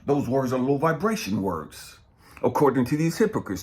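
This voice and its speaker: Blunt preachy man, lively pitch. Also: moderate pace. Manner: preachy and blunt, swings between loud and hushed. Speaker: spiritual coach. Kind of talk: motivational talk.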